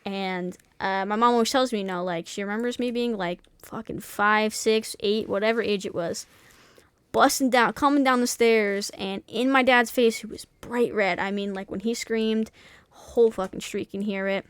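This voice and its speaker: A woman's voice: mid-range voice, steady tone, moderate pace, smooth, no echo. A young woman streamer in casual chat, talking candidly and swearing freely, with many restarts and fillers.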